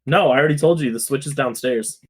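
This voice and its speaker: A man's voice: medium pitch, fast talker, crowd noise. Laid-back man co-hosting a podcast. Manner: laid-back, swears casually. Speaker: podcast co-host. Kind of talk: casual chat.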